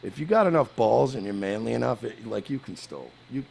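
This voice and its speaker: A man's voice: mid-range voice, lively intonation, fairly quick, creaky, a little mellow. A man from the United States telling crude, boastful stories in casual chat, with frequent restarts.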